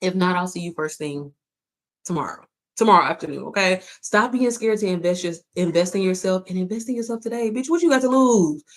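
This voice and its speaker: A woman's voice: fairly low pitch, a little fast. A woman chatting casually on a livestream to her followers, playful and sassy, swearing freely and calling them sis and baby. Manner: calls listeners sis and baby. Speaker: online business coach.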